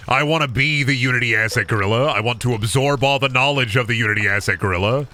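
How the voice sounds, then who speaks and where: A man streaming a game, chatting casually in an animated, joking, crude way. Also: medium pitch, fast. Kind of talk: casual gaming stream chat.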